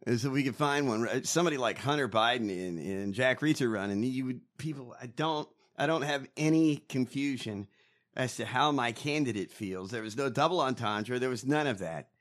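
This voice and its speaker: Bright-voiced profane ranting man. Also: mid-range voice, moderate pace. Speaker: podcast co-host. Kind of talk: casual political chat.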